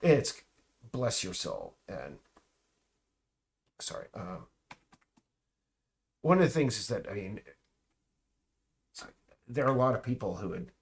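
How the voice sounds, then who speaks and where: A man in a casual, rambling monologue. He talks haltingly, with many restarts, trailing asides and mocking remarks. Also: on the low side, big pitch swings.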